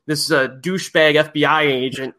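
A man with a fairly high, bright and forceful voice hosts a laid-back film podcast. He rambles happily through plot recaps, circling back and restarting as he goes. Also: steady tone, normal speed. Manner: enthusiastic rambling plot retelling. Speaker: podcast host. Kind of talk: casual movie discussion.

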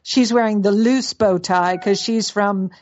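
A woman co-hosting a podcast, chatting in a mid-pitched voice. She talks loosely, full of fillers and restarts. The sound is dull and lo-fi. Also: fairly even intonation, measured pace, a little mellow. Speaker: podcast co-host. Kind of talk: casual chat.

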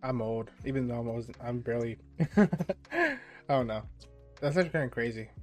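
A woman in her twenties in casual chat with friends, teasing and quick to laugh. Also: rumbling low, lively intonation, a little mellow, faint music behind. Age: 20s.

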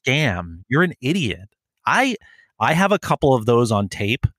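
Man, casual podcast chat, animated storyteller, swears a lot, dry close sound, mid pitch. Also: unhurried, no room sound. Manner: animated storyteller, acts out phone calls, swears. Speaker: podcast co-host.

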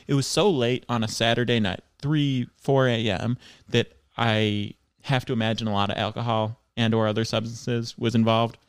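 A man's voice: medium pitch, fairly even intonation, normal speed, few pauses, clear, resonant tone, no room sound, studio quality. A man co-hosting a podcast in casual chat, telling stories in a rambling, mock-dramatic way. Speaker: podcast co-host.

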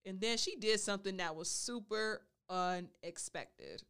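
Playful smooth-voiced woman podcaster. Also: mid-range voice, measured pace, fairly bright tone. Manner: playful, talks about herself in the third person. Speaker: podcast host. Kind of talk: solo storytelling podcast.

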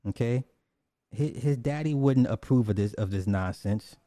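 A man rants in casual commentary, his dark, mellow, medium-pitched voice moving at normal speed. He's blunt and profane, repeating himself and restarting lines, recorded close and dry with no room sound.

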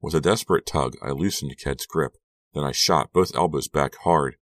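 A man narrating a horror audiobook in a measured, tense reading. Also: extremely low pitch, no room sound.

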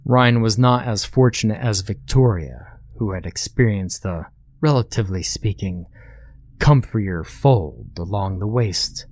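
A man reading a horror story aloud in a measured, matter-of-fact narration. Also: lowish voice, lively intonation, darkish tone, no room sound.

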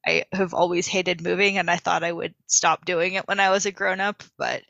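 A woman's voice: on the low side, little pitch movement, moderate pace, gravelly, fairly bright tone, dry recording, muffled recording. An American woman, a podcast guest, chatting casually and thoughtfully. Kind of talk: casual chat.

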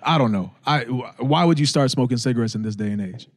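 Animated, laughing male storyteller. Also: mid-range voice, fast talker, dry recording, studio quality. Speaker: podcast co-host. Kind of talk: casual chat.

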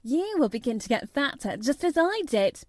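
A woman voicing a serious, earnest young girl who talks in a hushed, intent way. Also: high voice, very animated, normal speed, no echo, pitched above the performer's own voice.

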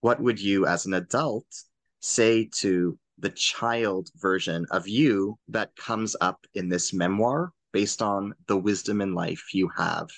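A male interviewer asking careful, measured questions. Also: deep voice, gravelly.

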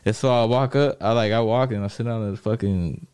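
A man casually telling stories from prison in a relaxed, profane way, laughing often and filling his talk with "like" and "you know what I mean". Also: lowish voice, fairly quick, clean tone, dry recording. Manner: laid-back, profane, laughs often, many fillers. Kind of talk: casual storytelling chat.

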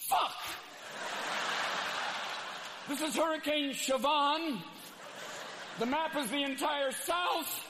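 A man on stage voicing a freaked-out male TV weatherman who shouts in panic. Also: very high voice, slow pace, pitched above the performer's own voice. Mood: panicked. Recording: live show with crowd laughter and noise.

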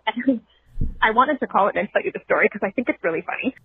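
A woman leaving a voicemail, telling a story in a loud, chatty way and laughing as she goes. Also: medium pitch, animated, fast, husky, no echo. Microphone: phone. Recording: tinny phone voicemail.

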